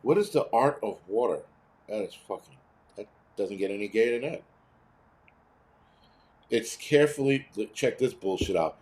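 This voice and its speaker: A man's voice: lowish voice, expressive, moderate pace, long pauses, a little mellow. Profane rambling man in his fifties. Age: 50s. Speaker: livestream host. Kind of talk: casual livestream rant.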